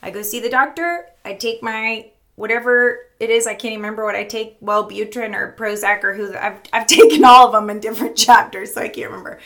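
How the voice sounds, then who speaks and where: A woman's voice: fairly high pitch, steady tone, fairly quick, hardly any pauses, a bit bright. A middle-aged woman speaking candidly in a personal vlog, rambling and laughing often, tearful at times. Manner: rambling, laughing often, losing her thread. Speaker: vlogger.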